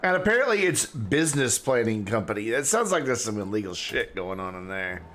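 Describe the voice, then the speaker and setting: A man's voice: lowish voice, big pitch swings, a little fast, a bit bright, a little hiss or hum. A man streaming a city-building game, joking and rambling as he thinks aloud. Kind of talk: casual gameplay commentary.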